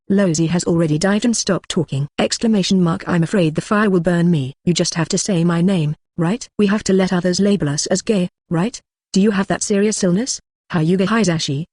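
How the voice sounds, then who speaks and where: A text-to-speech audiobook narrator reading a web novel, speaking punctuation marks like "exclamation mark" aloud in an even delivery. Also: mid-range voice, no echo, studio quality.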